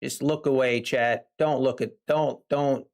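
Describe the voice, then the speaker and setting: A man's voice: medium pitch, fairly even intonation, a little slow, darkish tone. A man live-streaming his day trading, chatting casually with viewers and talking himself through trades in an exasperated, sighing way.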